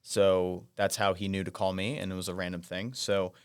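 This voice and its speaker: A man in his thirties, co-hosting a podcast, speaks in soft-spoken, storytelling chat with joking asides. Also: deep voice, level tone, normal speed, clear, resonant tone, dry recording, clean studio sound. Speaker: podcast co-host. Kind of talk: casual chat.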